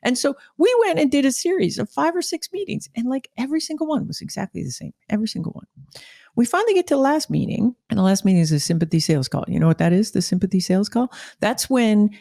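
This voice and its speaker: Woman podcast host, conversational storyteller who acts out quotes; slight vocal fry, dead-dry booth sound. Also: mid-range voice, expressive, fast, warm tone, dry recording. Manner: chatty, frequent "like" fillers, acts out quoted voices. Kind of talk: storytelling monologue.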